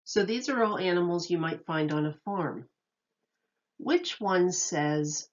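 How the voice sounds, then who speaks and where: A woman's voice: on the low side, lively intonation, takes it slowly, muffled recording. A woman teacher reading a picture book aloud to children, patiently asking them questions and praising their answers.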